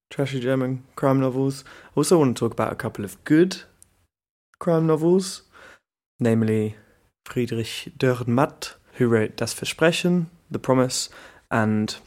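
A man's voice: mid-range voice, darkish tone. A man hosting a book podcast, talking in a chatty, enthusiastic, rambling way with frequent restarts. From Britain. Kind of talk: casual monologue.

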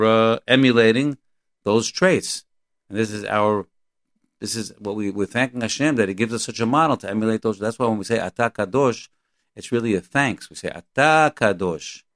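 A man teaching a Torah class, quoting Hebrew verses and translating them, in a halting, repetitive but earnest and emphatic way. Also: fairly low pitch, a bit bright, no room sound, clean studio sound.

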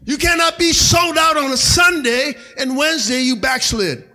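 Male pastor, high and bright, slightly raspy, shouting sermon in a church sanctuary. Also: moderate pace. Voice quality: a little raspy. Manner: shouting calls of "come on" and "amen" to the congregation. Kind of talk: energetic sermon.

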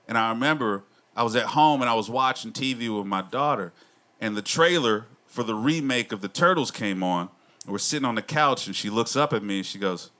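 A man in his thirties doing a stand-up comedy set, swearing a lot and laughing through his own jokes. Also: medium pitch. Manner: profane, laughing, animated storytelling. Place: comedy club stage. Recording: noisy club recording.

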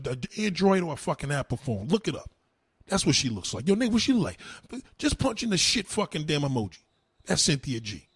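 A man ranting to a live chat as a streamer, loud, heated and profane. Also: a little high, husky, no echo, clean studio sound. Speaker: online streamer.

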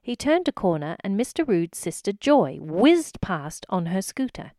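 Brief: woman storyteller, mid pitch, animated reading for kids, dry close sound. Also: measured pace, dry recording. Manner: expressive, addressing the listener.

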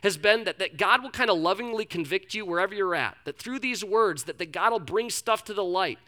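Young male pastor, high bright voice, candid sermon storytelling. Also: animated, brisk. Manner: candid, self-deprecating storytelling with many restarts.

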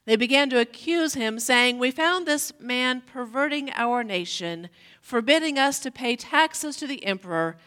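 Woman scripture reader, measured and deliberate delivery, bright tone, long church-hall reverb. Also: sits high. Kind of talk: scripture reading.

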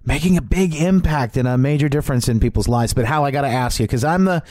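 A man's voice: mid-range voice, quick pace, a little mellow, dry recording, studio quality. A man hosting a radio interview show, folksy and laughing along as he plays devil's advocate.

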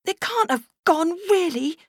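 A woman reading aloud voices a bossy, fair-minded young girl in a bright, high voice. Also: big pitch swings, normal speed, no room sound, studio quality. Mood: anxious.

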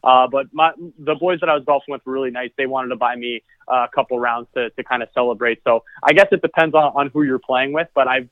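A man talks quickly in a relaxed, rambling way, stumbling over and repeating words as he thinks. His voice comes through a thin, tinny phone line with no room sound at all. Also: medium pitch, no echo. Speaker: podcast guest. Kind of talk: casual chat.

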